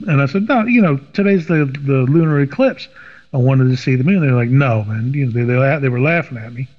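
A middle-aged man from Washington, D.C., telling a story in casual conversation and acting out the voices of the people in it. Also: a little high. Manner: animated, acts out quoted voices. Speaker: podcast guest. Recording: dull lo-fi sound with long reverb.

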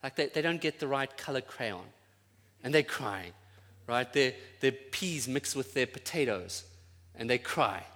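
Man preaching a fervent sermon, bright tone. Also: medium pitch, animated, unhurried. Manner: rising to loud fervent peaks, then quiet and tender. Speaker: pastor. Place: church. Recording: church sound with long reverb.

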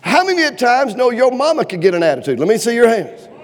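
A man preaching a humorous sermon in a church auditorium, folksy and animated, asking the crowd for amens and shows of hands. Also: very high voice, fast. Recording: long reverb of a large hall.

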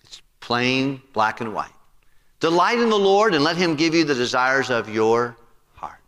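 Pastor, male, forceful bright tone, preaching sermon with call-and-response questions, church hall reverb. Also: mid-range voice, animated, measured pace. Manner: preaching with rising emphasis and congregational questions. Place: church sanctuary.

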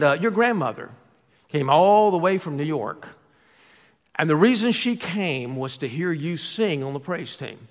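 A man's voice: a little high, a bit bright. Man preaching in a reverberant church. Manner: conversational, joking, with playful asides. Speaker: pastor. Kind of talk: sermon.

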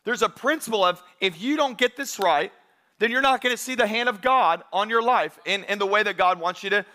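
A man with a high, bright voice preaching to his church. He speaks in a casual, conversational way and leans hard into the scripture he quotes. The tone stays clear and forward. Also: brisk. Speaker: pastor. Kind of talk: sermon.

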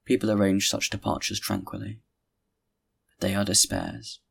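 A man narrating a classic novel as an audiobook reader, reading in a measured, deliberate way. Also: on the low side, fairly even intonation, vocal fry, slightly rough.

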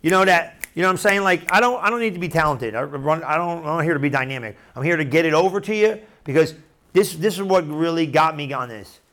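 A male preacher delivering a sermon with a fairly high voice. He talks loosely and conversationally, circling back on phrases and checking in with the room. His tone stays animated and direct. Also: fast. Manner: conversational, animated, repeats and restarts phrases, asks the room questions.

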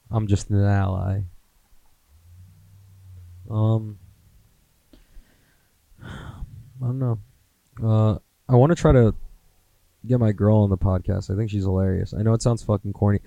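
A man's voice: fairly low pitch, slow pace, vocal fry, pauses often, mellow, no echo, low-quality recording. Laid-back American man rambling on a podcast. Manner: rambling, profane, self-mocking. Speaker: podcast host. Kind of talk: casual solo podcast rambling.

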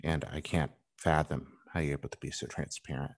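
A man interviewing a guest in an earnest, measured, supportive way. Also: extremely low pitch, flat delivery. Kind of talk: interview conversation.

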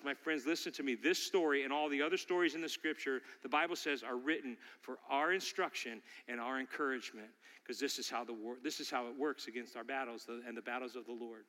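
A man preaching a sermon, telling a story and building to forceful exhortation. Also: mid-range voice, fairly quick, big-room sound.

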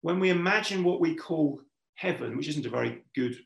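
A man's voice: fairly high pitch, lively intonation, a little fast, vocal fry. A man preaching a sermon, earnest and putting questions straight to his listeners. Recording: echoey room.

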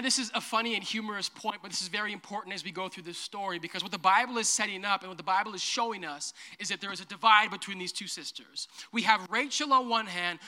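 A man preaching a humorous sermon as a pastor, playful and jokey, acting out characters in quick asides. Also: high-pitched, sharp tone. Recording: long hall reverb.

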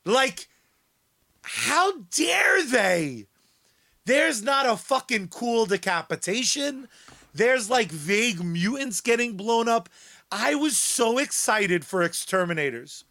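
A man's voice: extremely high pitch, lively intonation, measured pace, pushed and bright. A man co-hosting a comics podcast, sardonic and profane, laughing often in casual chat. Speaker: podcast co-host.

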